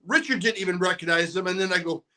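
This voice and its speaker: A man co-hosting a casual podcast, talking excitably in laid-back slang. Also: sits high, fast talker. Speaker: podcast co-host.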